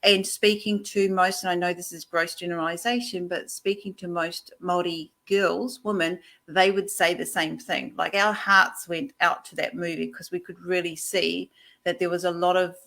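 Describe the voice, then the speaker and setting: A middle-aged woman with a New Zealand accent, a guest chatting openly and warmly on a video call. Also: on the low side, flat delivery, moderate pace, creaky. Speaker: guest, coach. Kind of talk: casual interview chat.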